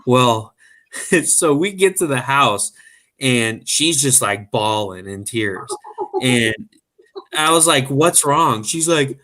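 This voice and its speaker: Male host, bright tone, mid pitch, animated casual storyteller. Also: takes it slowly. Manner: animated, joking.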